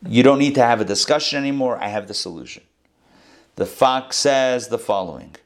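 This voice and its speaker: A man telling a parable to a class in an animated storytelling sermon, acting out the animals' voices. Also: mid-range voice. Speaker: rabbi teaching a class.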